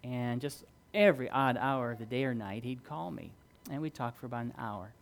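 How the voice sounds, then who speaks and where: A middle-aged male pastor preaching a sermon, earnest and story-driven, moving between loud emphasis and quiet, low-key passages. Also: fairly quick, vocal fry.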